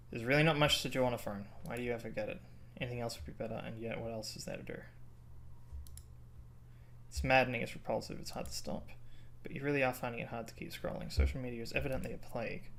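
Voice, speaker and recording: A streamer on a live let's-play, reading the game's text aloud in a low, muted voice. Between passages they burst out loud, swear and plead with the game. The voice sits at a middling pitch. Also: fast, a little hiss or hum. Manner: reads game text in a low, subdued tone, then breaks into loud, sweary outbursts. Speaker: streamer playing a narrative game.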